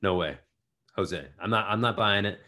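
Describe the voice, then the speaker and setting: A young man co-hosting a podcast, joking around in casual chat and riffing bits with quick restarts. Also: lowish voice, sharp tone. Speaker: podcast co-host.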